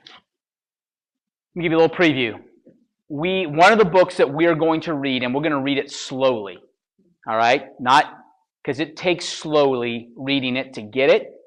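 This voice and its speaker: At a motivational seminar, a man whose voice is on the high side and a bit bright coaches real estate agents bluntly and punchily. He checks in again and again with "all right?" and "okay?" and performs mocking voices of people making excuses.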